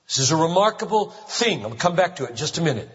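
A man preaching a sermon as pastor, emphatic and driving home points with slow, stressed phrases. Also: a little high, very animated, fairly bright tone. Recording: muffled hall reverb.

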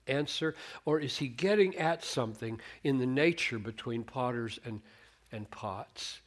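A man's voice: mid-range voice, expressive, moderate pace. A man preaching a sermon on a Bible passage, earnest, restarting words as he thinks aloud and acting out the quoted lines.

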